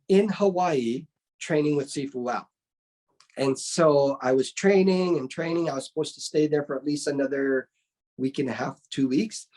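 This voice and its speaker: A middle-aged man, a martial arts instructor, telling a story in a casual interview. He acts out the voices of the people in it and keeps asking "right?". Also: on the high side. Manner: animated, acts out quoted voices, often ends with "right?".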